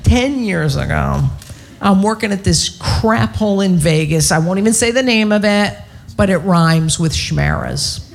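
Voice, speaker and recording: A woman's voice: medium pitch, lively intonation, a little slow, creaky, slight background noise. A woman performing a stand-up comedy set, brash, profane and self-mocking.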